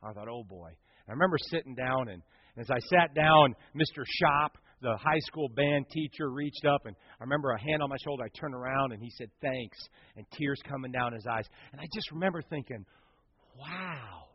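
A middle-aged man preaching a personal story as a sermon, swinging from loud bursts to hushed, near-whispered lines. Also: mid-range voice, brisk, breathy edge, no room sound. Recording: dull dry sound.

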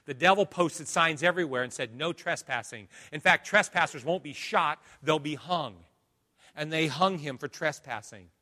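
A male pastor preaching a sermon, swinging from hushed lines to loud dramatic ones. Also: fairly high pitch, normal speed.

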